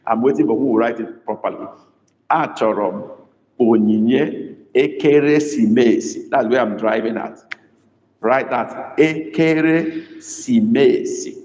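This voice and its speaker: A man teaching a live online language class, dictating phrases slowly and repeating them, praising students by name. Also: fairly low pitch. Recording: echoey room with long reverb.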